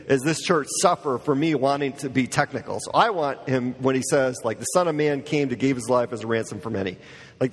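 A man preaching a sermon to his church in a casual, conversational way, full of fillers and asides. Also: mid-range voice. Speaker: pastor. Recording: long church hall reverb.

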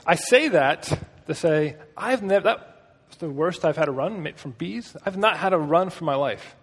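A man with a fairly high, husky voice preaches a casual sermon. He talks conversationally and tells stories with joking asides. His voice rings out in a hall with a long reverb. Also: lively intonation, a little slow.

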